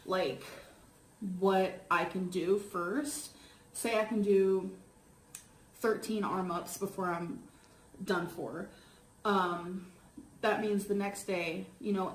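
A woman vlogging casually to camera, chatty and excitable with frequent giggles. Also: mid-range voice, slight background noise, rough recording.

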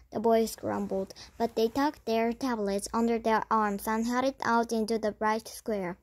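A woman's voice: on the high side, fairly even intonation, a little slow, hardly any pauses, a little mellow. A woman reading a children's chapter book aloud, stumbling over words and restarting them. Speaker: reader.

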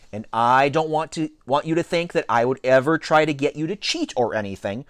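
A nervous schoolboy who cracks jokes to dodge trouble, voiced by a man reading a storybook. He pitches his voice high and squeaky. It is recorded close and dry, with animated intonation. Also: dry recording, lightly acted.

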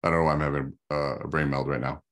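A man's voice: extremely low pitch, level tone, quick pace, a bit bright. A middle-aged man giving a conversational, emphatic motivational talk, often repeating his points for stress. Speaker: speaker.

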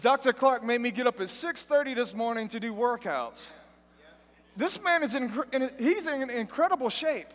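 A man preaching a sermon at a live event, telling stories in a lively, joking way. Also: very high voice, normal speed. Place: large event hall. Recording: long hall reverb from live event.

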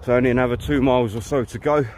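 A man chats to camera on a countryside riverside walk. His voice is mid-pitched, blunt and casual, with a faint background hiss of the outdoors. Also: steady tone, rapid-fire, a little mellow. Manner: chatty, blunt, swears freely. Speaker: hiking vlogger. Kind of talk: casual walking vlog monologue.

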